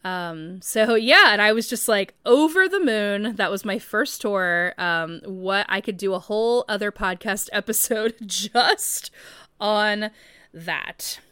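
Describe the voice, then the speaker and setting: A woman in her thirties talks through a casual podcast monologue, rambling and chatty with plenty of filler words. Her voice is smooth and clear, recorded close and dry with no room sound. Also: medium pitch, slow pace, bright, forceful tone, no room sound. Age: 30s. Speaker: podcast host.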